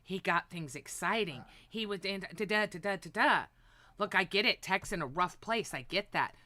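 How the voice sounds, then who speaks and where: A woman hosting a livestream, ranting with heavy profanity and often breaking into shouts. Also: medium pitch, lively intonation, normal speed, no echo. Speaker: livestream host. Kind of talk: heated livestream rant.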